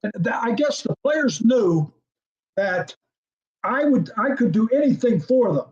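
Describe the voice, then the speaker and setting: A man's voice: extremely high pitch, unhurried, lo-fi sound. An older man, a former football coordinator, telling a story as an interview guest and acting out the dialogue. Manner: animated storyteller, acts out quoted dialogue, laughs often.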